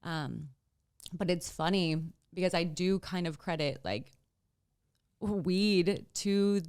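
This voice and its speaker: A woman's voice: on the low side, slow, darkish tone, smooth. A young woman guest in an interview, telling her own painful story bluntly and tearfully, swearing freely. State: tearful, emotional. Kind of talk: candid personal storytelling.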